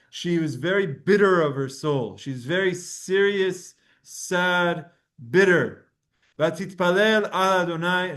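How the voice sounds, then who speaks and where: Male Torah teacher with a high voice, giving a relaxed line-by-line lecture. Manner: reads Hebrew verses then translates and explains them casually. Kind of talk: Talmud class lecture.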